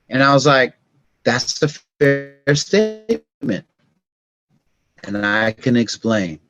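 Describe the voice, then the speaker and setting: A middle-aged man, a podcast guest, telling stories in casual conversation, acting scenes out with sound effects and turning soft and reflective on emotional points. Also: medium pitch, expressive, takes it slowly.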